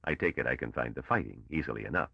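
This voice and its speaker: A man voicing a brash, suspicious young male space trader with a sharp, probing manner. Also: a bass voice, lively intonation, fast talker, creaky, husky, dry recording, highs cut off, heavily acted. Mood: pushy.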